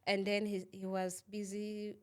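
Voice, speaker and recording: Halting young woman telling a painful story. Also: medium pitch, completely flat delivery. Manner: halting, repeats words, many fillers; asks "you understand?" often. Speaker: interview guest. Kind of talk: emotional personal testimony.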